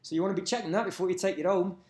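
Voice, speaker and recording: Man putting on a dodgy rural trader, quick patter, higher pitch, echoey room. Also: fairly even intonation, darkish tone, close to an everyday voice. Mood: sly. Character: fast-talking rural male dodgy trader. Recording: roomy echo.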